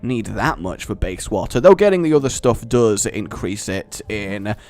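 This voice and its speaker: Animated joking man. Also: fairly low pitch, moderate pace. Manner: animated, joking, rambling tangents. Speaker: gaming channel host. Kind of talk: let's play commentary.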